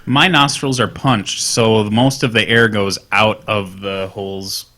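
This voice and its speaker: A man's voice: lowish voice, measured pace. A man co-hosting a gaming podcast, tossing in goofy jokes and asides. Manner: jokey, goofy asides, lively delivery. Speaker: podcast co-host. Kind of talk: casual gaming podcast chat.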